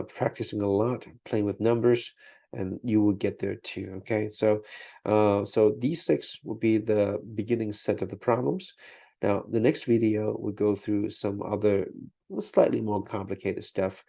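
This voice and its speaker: A man teaching math in a recorded lesson. He talks through each step aloud, checks in with "okay?", and keeps it relaxed and encouraging. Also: lowish voice, gravelly.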